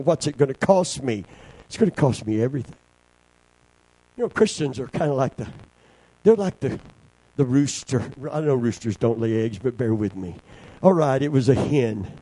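An older man preaching a sermon, swinging from shouted lines to hushed, quiet passages. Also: on the high side, no echo, low-quality recording.

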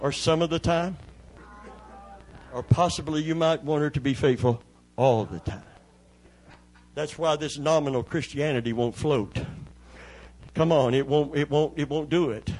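A man's voice: medium pitch, normal speed, a little mellow. A man preaching a church sermon, building to fervent cries of hallelujah. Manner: preaching with rising fervor, calling out hallelujahs. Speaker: pastor.

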